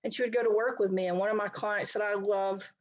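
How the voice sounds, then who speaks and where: A woman's voice: mid-range voice, fairly even intonation, quick pace, muffled recording. A middle-aged woman counselor giving an online talk, speaking conversationally and addressing her listeners directly. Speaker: licensed counselor presenting a talk. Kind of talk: online presentation to a society.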